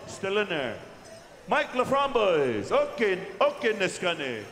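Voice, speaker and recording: A man working as pow wow announcer, calling out names slowly and drawing them out over a microphone in a large indoor arena. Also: high voice, huge pitch swings, fairly bright tone, faint music behind. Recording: echoey arena PA from far off.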